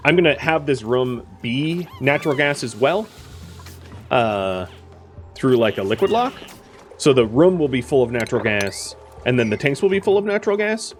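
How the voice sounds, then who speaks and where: A young man talks through his colony-building game in a relaxed let's-play ramble. His pitch swings up and down a lot, and he keeps stopping to correct himself. Faint music plays under his voice. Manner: rambling and self-correcting, with frequent fillers. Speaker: gaming streamer. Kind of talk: casual let's-play commentary.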